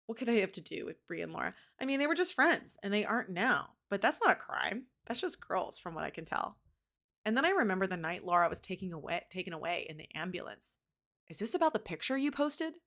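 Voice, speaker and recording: A woman's voice: medium pitch, fairly bright tone. A woman reading a novel aloud on a live stream, chatting back to the chat between passages. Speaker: book reader on a live stream.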